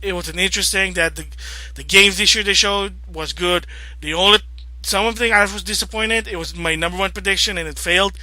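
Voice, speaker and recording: A man vlogging about video games, rambling casually and growing agitated and loud as he rants. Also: high-pitched, fairly even intonation, brisk, dry recording. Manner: rambling, grows agitated and loud when ranting. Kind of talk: casual opinion vlog rant.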